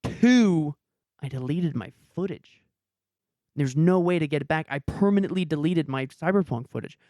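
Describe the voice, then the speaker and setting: A man's voice: fairly high pitch, animated, moderate pace, dark tone, dry recording, studio quality. A young man hosting a podcast, telling a story in a casual way and acting out his own reactions. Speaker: podcast host and YouTuber. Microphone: headset.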